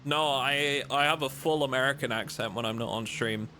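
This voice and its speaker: A man's voice: mid-range voice, normal speed, sharp tone, slight background noise. A young man from England with a mild Lincolnshire accent, chatting casually and joking with his live-stream chat while playing a game. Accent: Lincolnshire English, mild.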